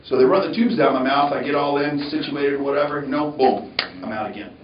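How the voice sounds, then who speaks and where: A man's voice: fairly high pitch, brisk, noisy background. Man telling a story in an echoey hall. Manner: animated, acts out voices. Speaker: motivational speaker. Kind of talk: motivational storytelling speech. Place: university lecture hall. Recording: echoey, distant, dull hall recording.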